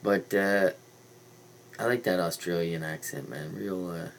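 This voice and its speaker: A man with a deep, gravelly voice rambles through a casual livestream monologue, drifting from point to point in a conspiratorial tone. His voice is low and rough, and a faint hiss of noise sits under the home recording. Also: fairly even intonation, measured pace, rough recording. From Canada. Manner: meandering, conspiratorial, casual slang. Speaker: livestream host.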